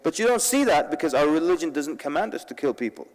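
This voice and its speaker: A man with a fairly high voice gives a lively, story-driven talk to a convention crowd, slipping Arabic words into his English. His voice rings out in a large hall with a long echo. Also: fast. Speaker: convention speaker. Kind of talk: humorous public talk.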